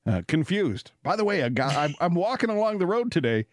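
Rambling, animated Canadian man host. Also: high-pitched, fairly quick, no room sound, clean studio sound. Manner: rambling, animated, laughs often, many fillers. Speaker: radio talk show host. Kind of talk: casual storytelling chat.

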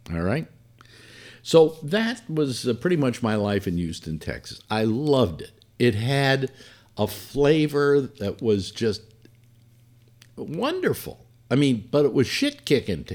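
Older male raconteur, low-pitched, lively intonation, rambling anecdotes with fillers. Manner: rambling with frequent fillers and restarts, colorful asides. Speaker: former radio host reminiscing. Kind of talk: casual storytelling monologue.

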